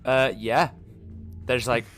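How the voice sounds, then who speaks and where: Halting game master, faint music behind. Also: male voice, medium pitch, fairly even intonation, a bit bright. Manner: halting, full of fillers and restarts. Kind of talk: narrating a tabletop game.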